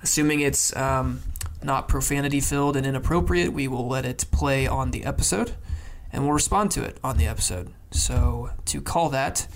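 A man's voice: mid-range voice, normal speed, creaky, few pauses. A man co-hosting a casual podcast, loose and joking, inviting listeners to call in. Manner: loose and joking, with many fillers. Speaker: podcast co-host.

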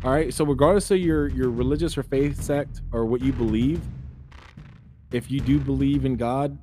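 A man's voice: mid-range voice, steady tone, normal speed, mellow, soft background music. A man hosting a podcast, delivering an earnest, sermon-like spiritual monologue that exhorts listeners as brothers and sisters. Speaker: podcast host.

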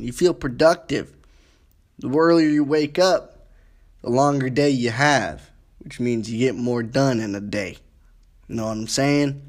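A man hosting a casual self-help podcast, rambling through a numbered list with lots of "you know" and restarts. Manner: rambling, repeats words, frequent "you know"; wide swings in pitch, drops low and quiet at asides. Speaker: podcast host.

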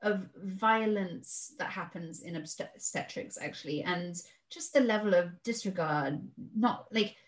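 A woman's voice: on the low side, measured pace, few pauses. A woman guest on a podcast, telling her own story in casual chat and animatedly acting out the people she quotes.

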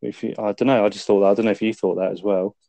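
A man's voice: fairly low pitch, steady tone, racing, creaky, mellow, no room sound. A man casually retelling film scenes on a review podcast, swearing freely and laughing as he goes. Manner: laid-back, swears a lot, laughs while retelling scenes. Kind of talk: casual chat, recapping a film.

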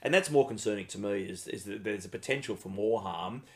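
A man co-hosting a casual sports podcast, trading quick, wry banter. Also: fairly low pitch, creaky. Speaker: podcast co-host.

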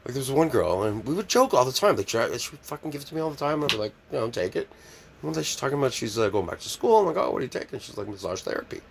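A man's voice: mid-range voice, very animated, racing, vocal fry, slight background noise. A man telling crude, profane stories in casual chat, laughing through them. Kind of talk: casual comedic storytelling.

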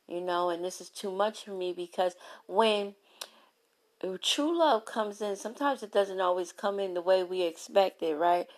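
A woman giving a candid motivational talk on relationships, telling stories with lively, playful asides. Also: mid-range voice, moderate pace. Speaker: relationship speaker.

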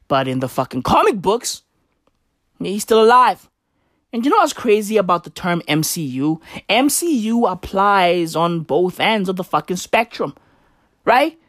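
A woman's voice: on the low side, no room sound, studio quality. A woman delivering a crude, rambling, profane comedic rant in slangy bro talk.

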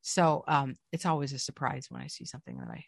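A middle-aged woman, a voice actress, telling stories in a casual interview with an animated, swinging delivery. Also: fast, gravelly, no room sound, studio quality. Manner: animated storyteller with lively swings in pitch. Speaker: voice actress, guest.

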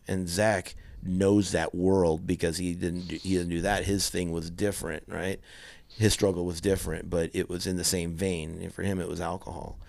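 A middle-aged man telling a personal story in an earnest, halting way, often restarting his sentences. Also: sits low, creaky, dry recording. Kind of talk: candid conversational storytelling.

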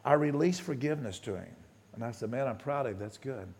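A pastor giving a sermon, telling a story with plenty of quoted dialogue and halting restarts, his voice rising and dropping. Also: medium pitch, lively intonation, a little mellow.

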